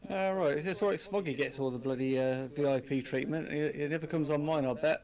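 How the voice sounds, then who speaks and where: A man who drives trucks, chatting casually in a relaxed way and often trailing off mid-sentence. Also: on the high side, brisk. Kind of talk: casual chat.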